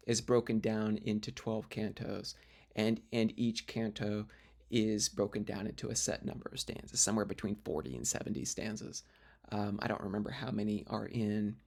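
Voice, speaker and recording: A man's voice: mid-range voice, vocal fry. A man teaching literature in a recorded lecture video, explaining step by step with fillers and restarts.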